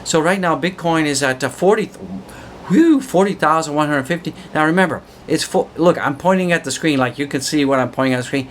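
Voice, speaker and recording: A man hosting a crypto channel, excitedly talking through market charts, whooping and riffing with repeated words. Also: on the high side, brisk, slight background noise. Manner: repetitive, riffing wordplay. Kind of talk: hyped market commentary vlog.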